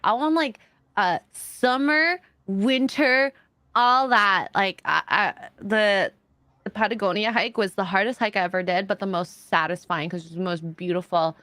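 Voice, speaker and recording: A woman hosting a relaxed live stream, chatting easily with friends. She talks casually, leans on fillers and laughs often. Her voice sits at an ordinary middle pitch. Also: normal speed, no room sound.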